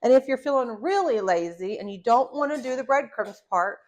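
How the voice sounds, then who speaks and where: Woman host, young adult, fairly high voice, chatty upbeat kitchen demo delivery with playful asides. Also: expressive, brisk. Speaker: cooking show host. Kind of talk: casual cooking demonstration.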